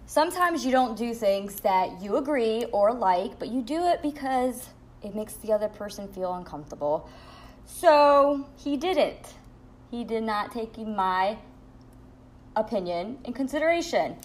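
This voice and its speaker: A young woman with a voice pitched a little higher than most women's vents into her podcast mic at home. She tells the story in a casual, candid way, blunt and quick to swear. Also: lively intonation. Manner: blunt, profane, candid venting. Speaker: podcast host.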